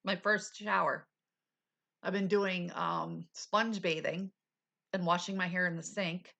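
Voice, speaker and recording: A middle-aged woman hosts a casual livestream, chatting openly with viewers and laughing often as she recovers, though her energy is low. Her voice is on the low side, steady and fairly bright, at a measured pace.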